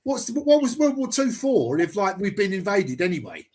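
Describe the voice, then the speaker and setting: A man hosting a live stream, arguing heatedly, swearing and firing rapid rhetorical questions. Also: high-pitched, big pitch swings, darkish tone.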